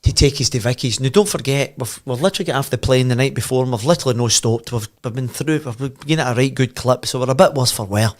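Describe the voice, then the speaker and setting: A man's voice: mid-range voice, fast talker, few pauses. A Glaswegian man in his fifties, guesting on a podcast, tells a long boisterous anecdote. He laughs through his own punchlines and swears freely, with a chatty storyteller's flow. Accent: Scottish, Glasgow. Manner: animated, laughs and swears freely while telling. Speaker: podcast guest, former footballer.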